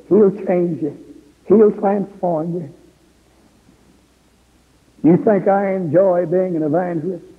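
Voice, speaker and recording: A middle-aged man, an evangelist, preaching a revival sermon in an impassioned, pleading way with a gravelly, husky voice. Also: a little high. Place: church revival service. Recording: tinny, echoey old sermon tape.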